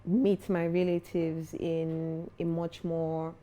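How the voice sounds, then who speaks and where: A young woman speaks as an interview guest, earnest and self-assured. Her voice sits a little low and sounds mellow rather than bright. She talks with conviction and grows animated when she tells a story. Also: takes it slowly, a little hiss or hum. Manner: earnest, confident, animated when telling stories. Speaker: foundation founder, guest. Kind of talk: interview conversation.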